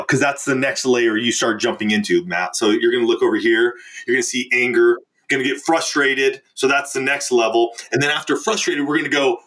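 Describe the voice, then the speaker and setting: A man's voice: medium pitch, animated, fairly quick, a bit bright. A man, a relationship coach, telling a client's story as a podcast guest, earnest and emphatic. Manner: earnest, emphatic, acts out quoted speech. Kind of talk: conversational storytelling.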